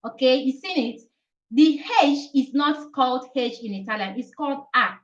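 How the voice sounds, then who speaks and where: A woman's voice: sits high, moderate pace, muffled recording. A young woman hosting a casual live-stream lesson, repeating each point and often checking with "okay?". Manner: repetitive, explains each point several times with many "okay?" checks. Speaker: language teacher hosting a live chat.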